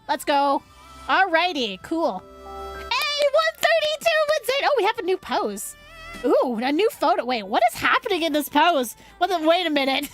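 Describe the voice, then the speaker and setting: A young woman streamer reacting out loud as she pulls on a game banner, groaning and cheering at the results. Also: high voice. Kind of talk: live gacha game stream.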